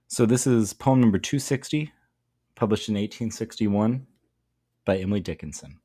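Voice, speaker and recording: A man's voice: on the low side, moderate pace, mellow, breathy edge. A man talking through a poem in a thoughtful, explanatory way, as a teacher giving a lesson. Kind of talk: poetry lesson talk.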